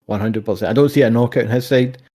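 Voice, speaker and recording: A man in casual conversation with a friend. He tells stories loosely, swears often and laughs as he goes. His voice sits at a middling pitch. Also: fast talker, dark tone. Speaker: podcast co-host. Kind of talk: casual chat.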